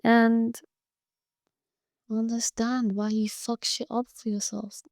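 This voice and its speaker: A woman's voice: a little high, little pitch movement, takes it slowly, a little mellow, no room sound, clean studio sound. A woman hosting a podcast solo, talking bluntly and profanely, like a tough-love pep talk. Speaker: podcast host. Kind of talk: casual monologue.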